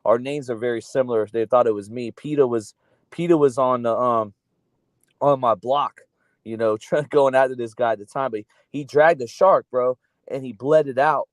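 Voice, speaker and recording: A South Florida man with an accent that sits between East Coast and Southern, talking in a loose, profane ramble. His middle-pitched voice is dry and close, with no room sound around it. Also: normal speed, no echo. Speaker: podcast co-host. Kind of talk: casual livestream chat.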